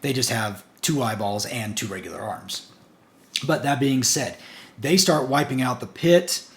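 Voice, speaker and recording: A man's voice: mid-range voice, unhurried, fairly bright tone. A man casually recapping a comic book issue, stringing events together in long run-on sentences. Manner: chatty, recounts the plot in long run-on strings with "and" and "basically".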